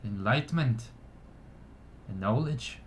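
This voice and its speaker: A man voicing a village elder who gives a measured ceremonial blessing at a gathering. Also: medium pitch, animated, slight background noise, close to an everyday voice. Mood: solemn. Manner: slow, measured ceremonial speech.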